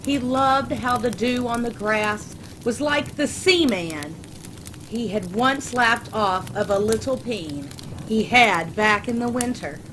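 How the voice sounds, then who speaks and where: A woman reading a crude comic fan story aloud in a deadpan, unhurried way. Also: a little high. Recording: noisy background ambience.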